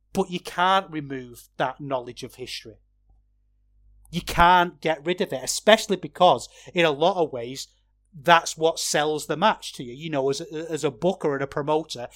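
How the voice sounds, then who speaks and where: This wrestling podcaster's voice is fairly high-pitched. He chats casually through his match breakdown, growing animated when he starts ranting.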